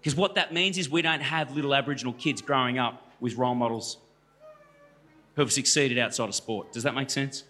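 A man's voice: medium pitch, fairly quick, pushed and bright. A man in his thirties with an Australian accent, a guest speaker telling stories to a church audience in a chatty, joking way that speaks to the crowd directly. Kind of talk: storytelling talk to a church audience. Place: church hall.

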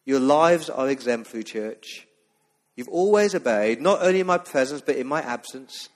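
A man's voice: medium pitch, lively intonation, moderate pace, long reverb tail. A man preaching a sermon as pastor, earnest and emphatic, reading scripture aloud between his points. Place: church.

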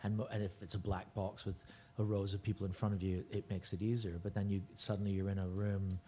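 A man's voice: sits low, level tone, fast talker, warm tone, slight background noise. A middle-aged man, a touring stand-up comedian, chatting casually as a podcast guest and rambling with restarts and self-corrections.

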